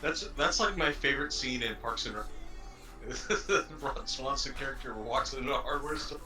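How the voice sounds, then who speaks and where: A man chatting while playing a game, explaining where things are with relaxed, dramatic pauses. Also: mid-range voice, recorded from a distance, soft background music, poor audio. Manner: laid-back, gives game tips with pauses. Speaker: co-player on stream. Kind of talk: casual gaming chat.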